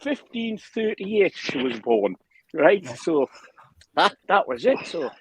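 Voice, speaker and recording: A man telling a lively anecdote on a podcast, acting out the other people's lines. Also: sits high, takes it slowly, slight background noise, low-quality recording. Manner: animated storyteller, acts out quotes, laughs often. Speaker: podcast guest telling a story. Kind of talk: casual anecdote.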